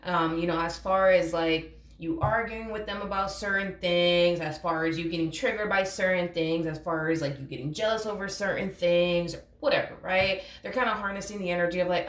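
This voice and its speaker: A tarot reader with a lowish voice speaks at normal speed, casual and blunt, repeating her points emphatically and addressing the listener directly as "honey." She sits away from the mic in a roomy space that echoes.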